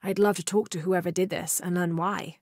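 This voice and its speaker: A woman's voice: lowish voice, fairly even intonation, a little fast, a little mellow, no room sound, clean studio sound. An actress voicing a young adventurous woman archaeologist in a video game, speaking in an earnest, reflective way. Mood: curious.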